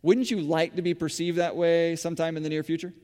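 A man with a somewhat high voice preaches in a relaxed, chatty way, with plenty of fillers and restarts as he tells his stories. The sound carries a long reverb from a church hall. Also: fast. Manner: conversational, with frequent fillers and restarts. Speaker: church speaker running a school farm. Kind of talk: sermon-style storytelling.

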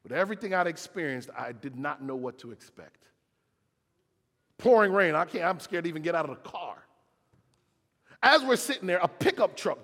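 A pastor preaching a sermon, telling a story with dramatic swings from loud to hushed. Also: male voice, high-pitched, sing-song, moderate pace, pauses often. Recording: long hall reverb.

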